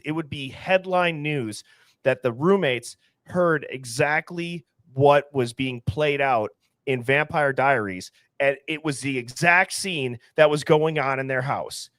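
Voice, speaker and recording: A man's voice: mid-range voice, a little slow, a bit bright, no echo, studio quality. A man hosting a podcast in a casual, conversational way. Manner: conversational, says he plays clips for the audience. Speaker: podcast host.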